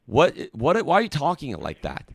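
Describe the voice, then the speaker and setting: A man's voice: a little high, wildly swooping pitch, moderate pace, vocal fry, slightly rough. A man hosting a comedic mock call-in hotline, indignant, preachy and exasperated with his callers. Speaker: call-in show host.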